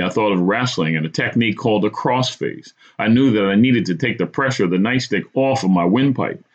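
A man hosting a podcast, telling a true story from his own life in a dramatic first-person style. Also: fairly low pitch. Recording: dull lo-fi recording.

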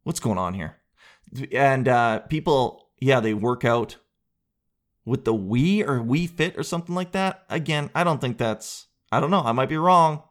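A man's voice: medium pitch, animated, a little slow. Rambling, jokey male podcast host. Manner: rambling, jokey, riffing with crude asides. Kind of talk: solo comedic podcast chat.

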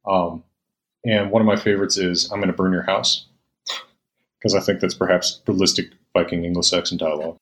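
A man's voice: low-pitched, a bit bright. A middle-aged man, a scholar and interview guest, explaining at length in a patient lecturing way with frequent ums. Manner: lecturing, patient, with many fillers. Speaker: Old Norse scholar, guest.

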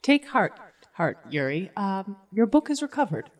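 A player voicing a cat spirit in a tabletop game, calm and assured. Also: male voice, high voice, measured pace, pitched above the performer's own voice. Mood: reassuring.

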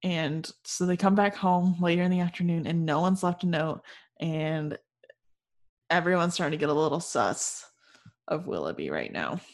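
Give me a woman with a lowish voice casually retelling a book's plot. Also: animated, normal speed. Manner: chatty, storytelling, lots of "like". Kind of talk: casual book-recap chat.

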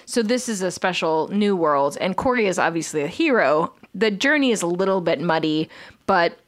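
A woman's voice: lowish voice, animated, normal speed. A woman co-hosting a podcast, recapping a TV episode in casual chat with dry remarks and frequent laughter. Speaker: podcast co-host.

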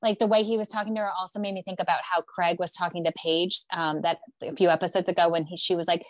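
A woman's voice: lowish voice, flat delivery, quick pace, dry recording. A woman co-hosting a casual podcast, giving frank, chatty opinions on reality TV. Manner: chatty, frank, uses many "like" fillers. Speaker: podcast co-host. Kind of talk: casual reality TV recap chat.

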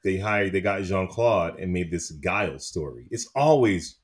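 A man hosting a podcast in casual chat, animated and opinionated, laughing often. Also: deep voice, moderate pace. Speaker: podcast host.

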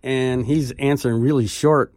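A man's voice: mid-range voice, steady tone, normal speed, darkish tone, dry recording, studio quality. A man in his sixties telling rambling music-interview anecdotes with frequent laughs. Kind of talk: relaxed storytelling interview.

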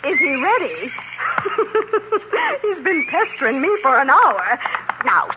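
Flustered Mrs. Santa, high and animated, noisy muffled old broadcast. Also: female voice, slow, full character voice. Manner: flustered, fussing, chattering. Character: bustling motherly Mrs. Santa, fussy and warm. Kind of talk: 1950s children's radio drama. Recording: hissy old radio broadcast.

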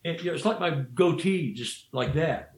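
A man's voice: on the high side, animated, moderate pace, gravelly. Rambling male storyteller in an echoey room. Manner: rambling, frequent restarts and "you know". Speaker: guest storyteller. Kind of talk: casual storytelling. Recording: roomy echo.

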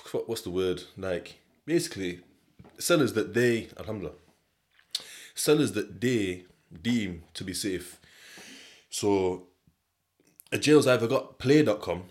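A man's voice: fairly low pitch, darkish tone. A young man, hosting a podcast in a rambling, slangy, swear-filled chat and laughing often. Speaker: podcast host. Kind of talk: casual solo podcast chat.

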